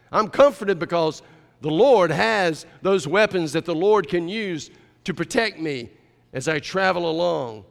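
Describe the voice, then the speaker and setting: Sure-voiced devout shepherd psalmist, a preacher putting him on, emphatic, in a reverberant hall. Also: male voice, on the high side, vocal fry, fairly bright tone. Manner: emphatic, declaring.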